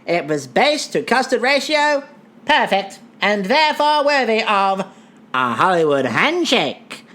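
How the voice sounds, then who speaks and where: A woman's voice: mid-range voice, sing-song, a little slow, fairly bright tone. A woman putting on a hammy 1920s radio announcer voice, making grand proclamations with sarcastic asides. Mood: mock grand.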